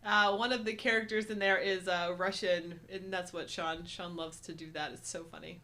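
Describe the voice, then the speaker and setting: A woman's voice: fairly low pitch, little pitch movement, normal speed, sharp tone. A woman in her thirties co-hosting a casual live chat, bubbly and enthusiastic. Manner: bubbly, enthusiastic, laughs often. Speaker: co-host.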